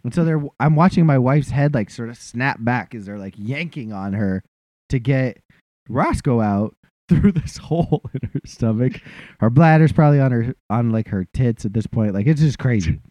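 A man's voice: medium pitch, expressive, moderate pace, dark tone, dry recording. A man telling a funny, self-deprecating story in a casual chat and acting out what other people said.

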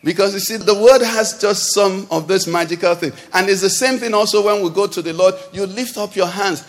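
Male pastor, high voice, call-and-response preaching, live church hall with long echo. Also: brisk. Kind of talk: sermon.

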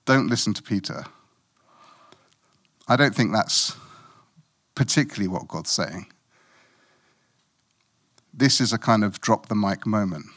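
A man's voice: on the low side, lively intonation, a little slow, long pauses, fairly bright tone, breathy edge. A middle-aged man from Africa preaching a sermon in a conversational, self-mocking way, with playful asides.

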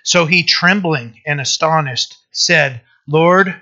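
Bright-voiced preacher, muffled recording. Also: male voice, on the high side, slow pace. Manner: conversational, asks the room "right?" often; reads scripture aloud, then explains it. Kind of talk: sermon.

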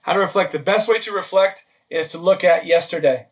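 A man's voice: high-pitched, fairly quick, distant mic. A man preaching a sermon, a pastor teaching step by step and checking in with "okay?" and "right?". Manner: practical, list-driven teaching with frequent "okay?" and "right?" check-ins.

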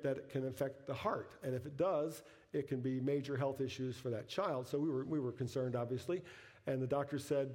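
A middle-aged pastor preaches a sermon, telling a personal story that climbs to emphatic peaks before dropping back to soft, quiet lines. His voice is medium in pitch.

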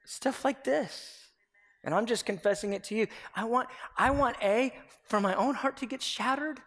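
A middle-aged man preaching a confessional sermon as pastor, earnest and swinging between loud and hushed. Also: very high-pitched, normal speed. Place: church sanctuary. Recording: echoey hall with long reverb.

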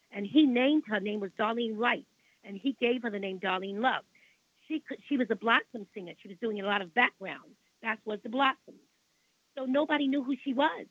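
A woman's voice: on the high side, dry recording. An older woman with a Brooklyn accent, telling long rambling stories as an interview guest. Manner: rambling, repeats herself, indignant about the past. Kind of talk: storytelling in a radio interview. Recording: tinny phone line.

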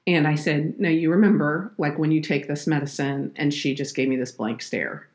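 A woman's voice: deep voice, steady tone, moderate pace, a little mellow. A woman, an earnest podcast guest telling a heartfelt faith story. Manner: earnest, heartfelt, tearful at moments. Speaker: podcast guest, children's minister.

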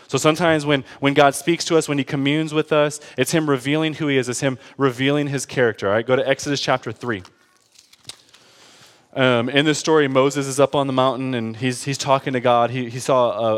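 A young man preaching a sermon in a conversational, animated way, often checking in with his listeners. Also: medium pitch. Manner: conversational, animated, with laughs and frequent "right?". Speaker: pastor.

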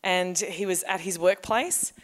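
A woman's voice: on the low side, unhurried. A woman pastor, giving a sermon in a conversational storytelling manner. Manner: conversational storytelling, acts out quoted voices.

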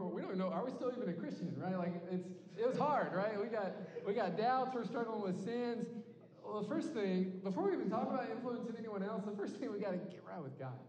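A man's voice: high-pitched, darkish tone. A young man preaching an earnest, conversational sermon to a campus ministry group, often checking in with "right?". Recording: long hall reverb.

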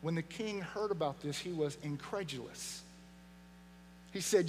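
Pastor guy preaching, kinda high voice, earnest, dips low to hit a point, echoey church w/ faint hum. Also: a little slow, long pauses. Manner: earnest, emphatic preaching, dropping low for weight. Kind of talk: sermon. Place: church sanctuary. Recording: long hall reverb, faint mains hum.

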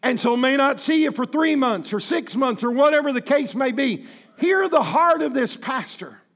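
A pastor in his fifties preaching a sermon in church, impassioned and folksy, with bursts of shouting. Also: very high-pitched, animated, normal speed. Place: church sanctuary.

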